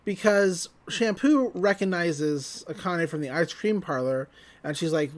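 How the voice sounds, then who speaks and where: A man co-hosting a podcast, recapping an episode in casual chat, laughing often and quoting characters in quick voices. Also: on the high side. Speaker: podcast co-host.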